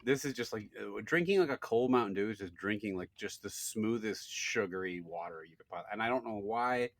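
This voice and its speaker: Low-voiced joking podcast man. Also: a little fast, no echo. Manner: self-deprecating, joking deadpan asides. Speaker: podcast co-host. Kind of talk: casual chat.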